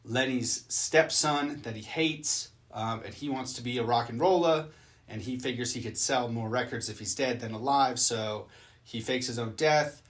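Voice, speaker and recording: A man's voice: mid-range voice, moderate pace, fairly bright tone. A man recapping a movie he just watched and reacting to it in casual chat, loose and rambling, with plenty of swearing.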